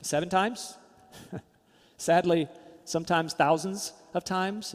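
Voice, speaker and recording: A man preaching a sermon as pastor, emphatic, rising loud then dropping to quiet, soft asides. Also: on the high side, fairly even intonation, unhurried, long reverb tail.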